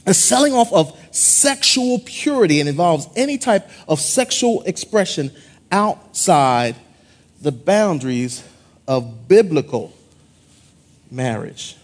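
A middle-aged male pastor, preaching a playful call-and-response sermon in a husky voice. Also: a little high, big pitch swings, slow.

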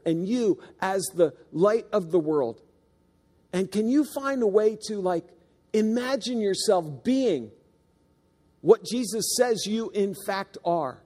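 A man's voice: sits high, a little mellow, big-room sound. A man preaching a sermon, earnest and emphatic, stressing key words and sometimes restarting his sentences. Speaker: pastor. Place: church sanctuary.

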